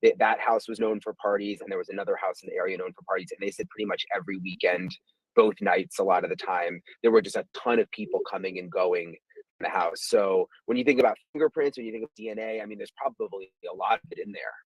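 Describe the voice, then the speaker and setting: A man working as a reporter, relaying what neighbors told him in a quick, informal way. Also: sits low, fairly even intonation, breathy edge, no echo, rough recording. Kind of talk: interview on a news stream.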